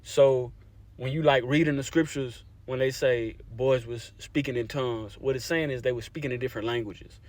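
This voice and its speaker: The recording is dry, and the man's mid-range voice moves at normal speed with fairly even intonation. A young Louisiana language advocate, he's in a casual talk to camera, explaining conversationally, frequently checking in with viewers and repeating "you see what I'm saying."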